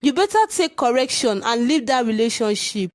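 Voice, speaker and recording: A woman's voice: fairly high pitch, animated, normal speed, lightly acted. A woman voicing a blunt scolding friend. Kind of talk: cartoon voice acting.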